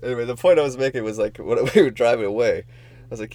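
A man's voice: mid-range voice, fast, mellow. A young man co-hosting a casual podcast, telling a rambling story and laughing as he goes. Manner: rambling, laughs often, loses his thread. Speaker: podcast co-host.

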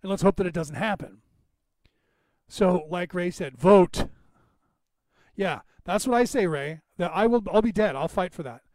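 Podcast host, male, high-pitched, emphatic and chatty, dry unechoing room. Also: unhurried, pauses often, darkish tone, no room sound. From Northern California. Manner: rambling, emphatic, addresses listeners by name. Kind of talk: casual monologue to listeners.

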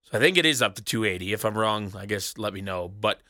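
A man recaps wrestling on his own in a small booth, sarcastic and rambling, with a casual habit of swearing. His voice is bright and forceful, and it is recorded very dry and close. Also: fairly low pitch, expressive, fast talker, no echo. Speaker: wrestling podcast host. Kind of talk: solo recap chat. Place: small studio booth alone.

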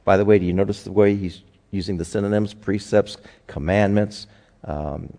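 A man's voice: low voice, normal speed, gravelly, dark tone. A man preaching a sermon in a folksy, conversational way, telling homespun stories. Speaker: pastor. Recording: long hall reverb.

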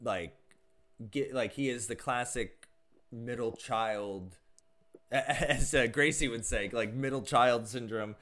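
A man co-hosts a casual podcast about a TV series. He talks loosely and keeps saying "like". Now and then he slips into quick acted-out lines from the show. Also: medium pitch, a bit bright. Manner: chatty and loose, heavy use of "like", acts out quoted lines. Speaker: podcast co-host. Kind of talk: casual review chat.

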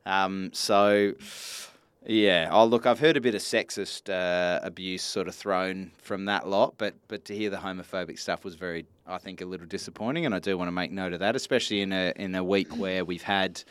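Aussie bloke on a footy podcast, low-ish smooth voice, blunt, swears a bit. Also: male voice, fairly even intonation, moderate pace, a bit bright, dry recording. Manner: chatty, blunt, swears freely. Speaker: podcast co-host. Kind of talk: casual sports podcast chat.

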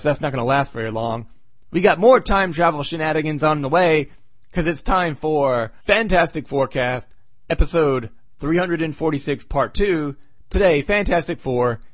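Man, podcast host, casual comic recap, sarcastic asides, slightly high pitch, dry close sound. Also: no room sound.

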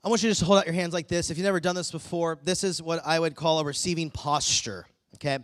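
A middle-aged male preacher with a notably high voice tells a story from the pulpit, acting out each line of dialogue with lively energy. The sound is dry and close, with no room echo. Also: fast. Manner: animated storytelling with acted-out dialogue. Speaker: pastor. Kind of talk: sermon.

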